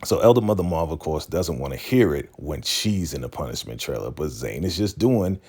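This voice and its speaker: A man casually recapping a TV episode, animated and acting out the characters as he goes. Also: rumbling low, fairly quick, slightly rough. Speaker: show recap host.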